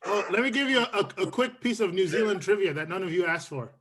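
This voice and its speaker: A man's voice: high-pitched, animated, quick pace, a bit bright, slight background noise. A man arguing his point in a casual online game night, insistent and repeating himself to hold the floor. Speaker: game contestant.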